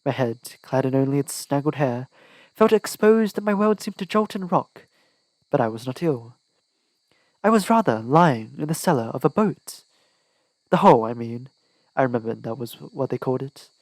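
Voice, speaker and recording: A man's voice: medium pitch, animated, moderate pace, darkish tone, no echo, poor audio. A man narrating an audiobook in the first person with a dramatic, tense delivery. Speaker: audiobook reader.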